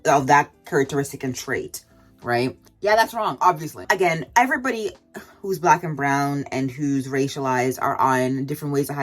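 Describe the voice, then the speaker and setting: A woman ranting straight to camera as she does her makeup. Her voice sits fairly low and leaps up on rhetorical questions, with soft music playing faintly behind. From Canada. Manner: fired-up, rhetorical questions with big pitch jumps. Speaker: vlogger. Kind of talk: impassioned vlog rant while doing makeup.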